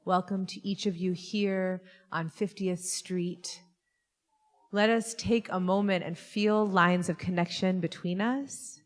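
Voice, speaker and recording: A woman's voice: lowish voice, fairly even intonation, slow, big-room sound. A woman rabbi leading a Shabbat service, chatty and playful as she talks with the congregation. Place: synagogue sanctuary.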